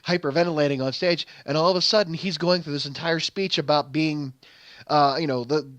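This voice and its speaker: A man's voice: on the high side, steady tone, fairly quick, fairly bright tone, no echo. A young adult man hosting a game channel, telling a long stage story in rambling casual commentary, full of fillers and restarts. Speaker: gaming channel host.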